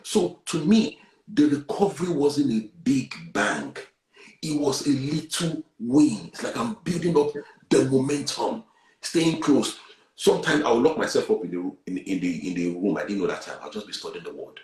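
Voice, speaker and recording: A man, earnestly sharing a personal testimony and swinging between hushed and loud. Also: mid-range voice, expressive, moderate pace, roomy sound, poor audio. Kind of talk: candid testimony on a talk show.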